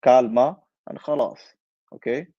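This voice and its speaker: A young man riffs on football and answers live chat, animated and full of slang. His voice is dark and mellow, recorded close and dry through a somewhat dull mic. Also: medium pitch, moderate pace, no room sound. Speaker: football channel host. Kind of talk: casual livestream chat.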